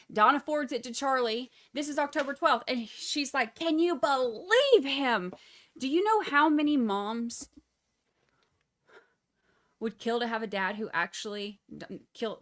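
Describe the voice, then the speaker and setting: A woman giving casual, animated true crime commentary on a livestream, sarcastic and full of mocking asides. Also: sits high.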